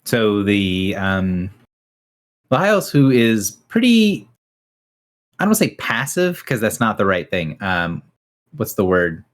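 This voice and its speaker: A man's voice: fairly low pitch, big pitch swings, takes it slowly, long pauses. A man narrating a tabletop game as game master, talking casually with frequent fillers. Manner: casual, hesitant, many fillers.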